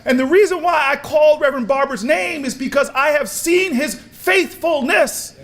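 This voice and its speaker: High-pitched man preaching with fire. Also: moderate pace. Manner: storytelling, repeats words, builds to shouts. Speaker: speaker at a convention. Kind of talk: impassioned preacher-style speech. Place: large convention hall.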